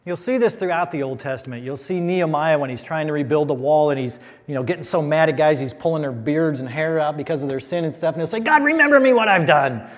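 A somewhat high-voiced American man preaches a Bible lesson in a conversational, emphatic way. He adds dry asides. His voice carries a long reverb from a church hall. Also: fast, hardly any pauses, darkish tone. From United States. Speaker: pastor. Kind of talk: sermon Bible teaching.

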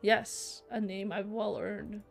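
A woman's voice: mid-range voice, level tone, slow pace, vocal fry, faint music behind. A woman reading aloud the lines of a smug, menacing English man who patrols the sea in a story game. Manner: self-satisfied, boastful.

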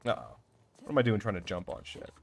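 A young man giving casual, excitable gameplay commentary, swearing often and talking to himself as he plays. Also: fairly low pitch, fast, creaky, a little hiss or hum. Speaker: let's play gamer.

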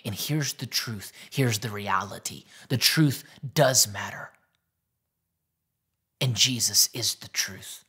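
A male pastor preaching a sermon that retells a Bible story. He is earnest and often drops to a soft near-whisper. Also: fairly low pitch, slow pace, slightly rough.

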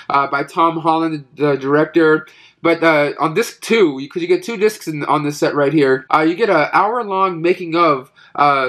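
A man's voice: on the high side, fairly bright tone. A man with a stuffy, nasal voice from allergies, casually reviewing his movie collection with lots of fillers and restarts. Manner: rambling with many fillers and restarts.

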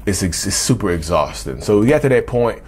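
Candid low-voiced man telling his story. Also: very animated, fairly quick, a little mellow, husky. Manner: candid, addresses viewers as y'all, frequent restarts. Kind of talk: casual confessional storytelling.

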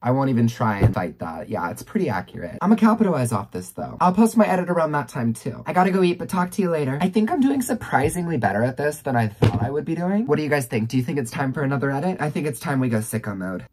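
A woman's voice: rumbling low, sing-song, fast talker, hardly any pauses, darkish tone, slight background noise. A woman vlogging in a casual, playful way, joking as she reads chat messages aloud. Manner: chatty, playful, joking, reads texts aloud in put-on voices.

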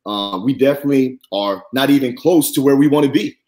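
A man guest on a podcast, earnestly telling a faith-centered personal testimony, animated and rising high when he quotes others. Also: a little fast.

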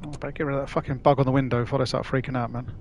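A man's voice: medium pitch, flat delivery, racing, darkish tone, a little hiss or hum. A man chatting casually to his live-stream audience as he plays, rambling, swearing and using slang. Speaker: gaming streamer.

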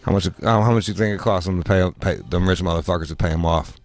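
A man hosting a podcast, telling crude comic stories full of swearing and jumping into high squeaky voices to act out other people. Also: quick pace, dry recording, soft background music. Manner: profane, animated, mimics people in high voices. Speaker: podcast host. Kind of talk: crude comedic storytelling.

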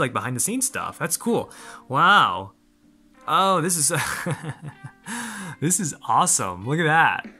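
Gushing, excitable man unboxing. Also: mid-range voice. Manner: excitable, gushing, lots of exclamations. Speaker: channel host. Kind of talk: unboxing vlog.

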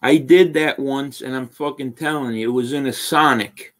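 A man's voice: medium pitch, moderate pace. Blunt, foul-mouthed man as a guest. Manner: profane, blunt and wisecracking. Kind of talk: casual chat.

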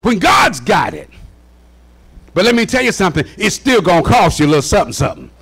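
A man preaching a fervent sermon in a church, often shouting and repeating "watch this" to rally the congregation. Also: high voice, sing-song, quick pace, breathy edge. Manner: shouting, repeats "watch this", folksy call-and-response. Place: church sanctuary.

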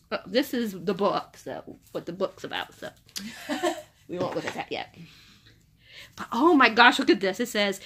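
Excitable young woman gushing over a book box, bright voice, keeps saying oh my gosh. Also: medium pitch. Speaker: book box unboxing vlogger. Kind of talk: casual unboxing chat.

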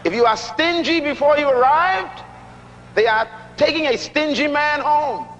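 Middle-aged male preacher, very high voice, emphatic and joking sermon, dull lo-fi sound with long reverb. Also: a bit bright, soft background music. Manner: emphatic, repeats key lines slowly for effect; humorous, teasing the audience. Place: large church hall.

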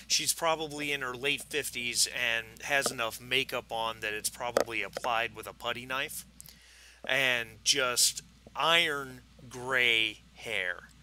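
A man's voice: mid-range voice, steady tone, slow, pushed and bright, slight background noise, rough recording. A man narrating as game master of a tabletop game, describing scenes with frequent fillers and restarts.

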